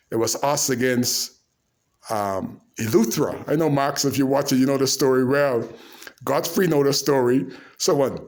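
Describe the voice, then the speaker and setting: A man with a slightly higher voice, telling loose, animated stories straight to camera. He laughs his way through, leans hard on local dialect and jumps between tangents. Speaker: storyteller. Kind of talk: casual storytelling to camera.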